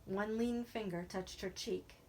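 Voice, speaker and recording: A woman reading a novel aloud in a steady, even narrating voice. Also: medium pitch, a little slow, a little hiss or hum. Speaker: reader.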